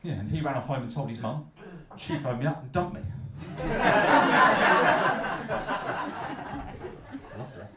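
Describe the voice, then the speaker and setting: A man from London with a Cockney accent, performing a stand-up comedy set with a deadpan, mock-glum delivery and punchlines he pushes up loud. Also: medium pitch, fast, distant mic, a crowd in the background. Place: comedy club stage. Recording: echoey club, heard from afar. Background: audience laughter.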